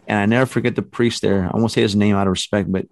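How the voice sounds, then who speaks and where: Low-voiced man telling a rambling story. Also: quick pace, background noise. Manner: rambling, animated storytelling with many fillers. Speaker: storyteller guest. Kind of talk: casual chat.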